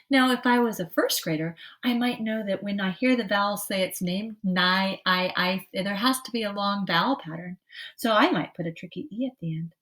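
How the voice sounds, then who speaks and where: A woman teacher giving a slow, patient early-literacy lesson, stretching out word sounds clearly for young children. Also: medium pitch.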